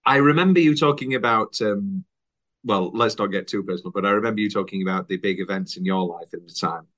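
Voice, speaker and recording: A man's voice: fairly low pitch, fast talker, dull audio. Chatty young man, podcast host. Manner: chatty, laughs often, lively retelling with put-on voices. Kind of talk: casual film podcast chat.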